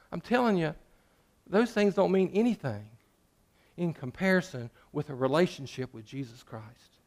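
A man preaching a sermon in a church, joking with the congregation and swinging between loud and hushed. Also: a little high. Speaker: pastor.

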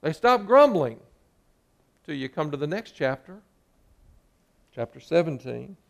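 A man preaching a sermon with a voice pitched a little high. He talks to his congregation as a pastor and sometimes slips into the voices of the grumblers in his story. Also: big pitch swings, unhurried, creaky. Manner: preaching, acting out quoted complaints.

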